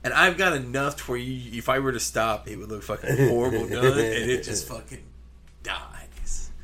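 A man's voice: mid-range voice, normal speed, over a noisy crowd. A man telling a long casual story as a podcast co-host, swearing often and imitating engine noises.

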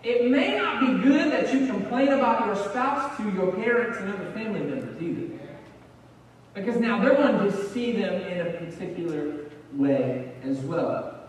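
With a voice that sits high, this man preaches animatedly at a moderate pace, repeating words frequently as he builds momentum in a conversational style. The echoey hall recording places him far from the microphone, with a little background noise.

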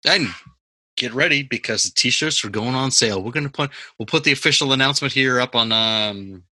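A man's voice: mid-range voice, fairly quick, sharp tone, no room sound. A man hosting a podcast over a video call, talking bluntly and emphatically and cursing heavily in casual chat. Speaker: podcast host.

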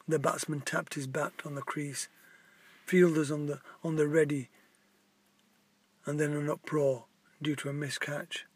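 A man reading a children's story aloud in a plain, halting way with small restarts. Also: fairly high pitch, a bit bright, slightly rough, no room sound.

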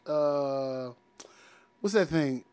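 A man's voice: on the high side, extremely slow, darkish tone, clean tone. A man chatting casually on a podcast, teasing his co-host, swearing and laughing. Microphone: studio mic without cover.

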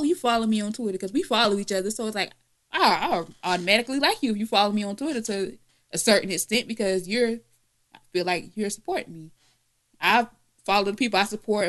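Woman podcast co-host, casual chat, blunt, profane, quick laughs. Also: mid-range voice, a bit bright.

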